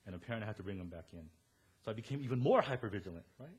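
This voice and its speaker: Husky-voiced pastor telling stories. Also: male voice, lowish voice, rapid-fire. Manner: animated storytelling, quoting others. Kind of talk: sermon.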